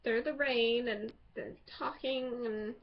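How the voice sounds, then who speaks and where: A woman casually reviewing a TV episode, excitable and rambling as she gushes over the characters. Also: fairly high pitch, takes it slowly, creaky. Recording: dull lo-fi home recording.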